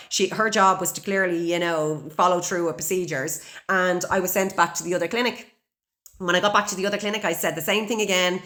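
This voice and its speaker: A woman's voice: fairly low pitch, a bit bright. An Irish woman in her forties, hosting a podcast and telling a raw personal story bluntly, with heavy swearing and open emotion. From Ireland. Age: 40s. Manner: blunt and heavily profane. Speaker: podcast host.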